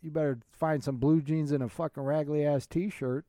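A man's voice: on the high side, fairly even intonation, normal speed, warm tone, no echo, studio quality. A man co-hosting a comedy podcast, riffing with lots of swearing and jokes. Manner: profane, joking riffs. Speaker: podcast co-host. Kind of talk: casual comedy podcast chat.

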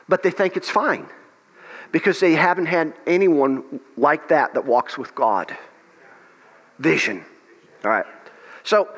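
A man's voice: fairly high pitch, a bit bright. A man pastor leading a revival meeting, praying aloud and preaching with passion, often restarting his phrases. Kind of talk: revival meeting sermon and prayer. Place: church meeting hall. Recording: long hall reverb.

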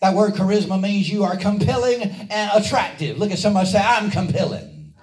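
During a church service, a man preaches a fervent, rhythmic call-and-response sermon, driving the congregation to repeat after him. He talks fast in a high-pitched, darkish voice, and the echoey audio is recorded from a distance.

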